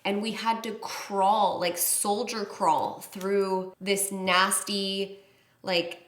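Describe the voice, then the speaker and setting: A woman's voice: medium pitch, drawn-out words. Chatty woman telling a story, echoey room. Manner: chatty, expressive storytelling with frequent "like". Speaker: beauty vlogger telling a story. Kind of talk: casual story-time vlog.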